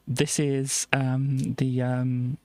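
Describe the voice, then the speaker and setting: A woman's voice: very deep voice, flat delivery, drawn-out words, darkish tone, dry recording. A woman streamer chatting casually about her old comics, rambling and stammering with frequent laughs. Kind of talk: casual live-stream chat.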